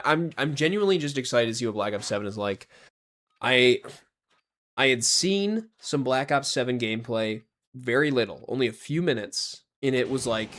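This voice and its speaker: A male game streamer talking casually to his viewers as he plays. His pitch swings up and down a lot, and he keeps a jokey, chatty tone throughout. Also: slight background noise. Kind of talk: casual livestream chat over gameplay.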